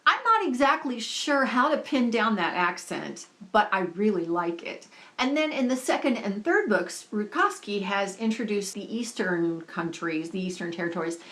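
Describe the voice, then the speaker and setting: A woman's voice: medium pitch, sing-song, moderate pace, hardly any pauses, fairly bright tone. A woman book vlogger talking in a chatty, enthusiastic, gushing way about what she is reading. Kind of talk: casual book-review vlog.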